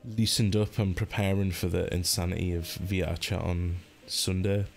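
Deep-voiced man chatting through a game. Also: steady tone, normal speed, creaky, few pauses, soft background music. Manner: chatty, joking, reads chat aloud; playful pitch jumps, hums and sings to himself. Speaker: let's play host. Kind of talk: live-streamed gameplay commentary.

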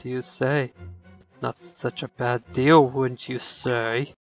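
A player reading game dialogue aloud, voicing a menacing dark god of a shadow realm in a slow, low, quietly threatening way. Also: steady tone, lo-fi sound, faint music behind.

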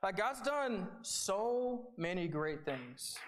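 A man's voice: high-pitched, sing-song, slow pace, a little hiss or hum. A young man giving a conversational sermon, earnest and informal, often checking in with "right?". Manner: conversational, earnest, with repeated starts and "right?" asides. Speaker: preacher.

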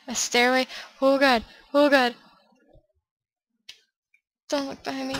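High pitched woman gamer, scared and cursing, counts steps in a hushed voice, slow, noisy hiss behind. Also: fairly even intonation. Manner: jittery, swearing, counting steps aloud. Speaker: let's play gamer. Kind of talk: horror game commentary.

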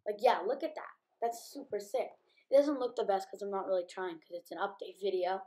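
A woman's voice: mid-range voice, lively intonation, a little fast, dark tone. A woman talks through a building game as a casual YouTuber. She is chatty and loose, padding her sentences with um and like. She sounds a little sleepy, having just woken up. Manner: chatty, many ums and likes. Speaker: gaming YouTuber.

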